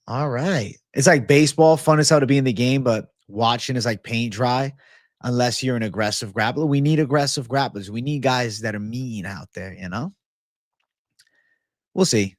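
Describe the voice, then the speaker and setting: A man's voice: medium pitch, animated, moderate pace, no room sound, clean studio sound. A man hosting a casual livestream and answering viewer comments in a blunt, laid-back, profane way. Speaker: livestream host.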